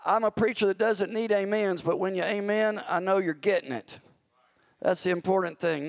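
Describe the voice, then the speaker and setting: A man's voice: high-pitched, steady tone, normal speed, gravelly, dry recording, studio quality. A pastor preaching a sermon in a church, stretching out words for emphasis as his fervor builds. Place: church sanctuary. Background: soft background music.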